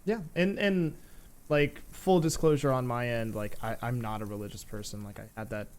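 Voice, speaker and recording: A man's voice: mid-range voice, fairly even intonation, moderate pace, darkish tone. Supportive male interview host. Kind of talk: casual conversation.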